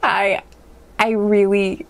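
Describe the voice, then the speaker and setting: Slow, rambling woman reading tarot. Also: medium pitch, little pitch movement, gravelly, a little hiss or hum. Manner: rambling and hesitant, full of likes and ums, laughs often. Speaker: tarot card reader. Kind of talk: casual pick-a-card tarot reading.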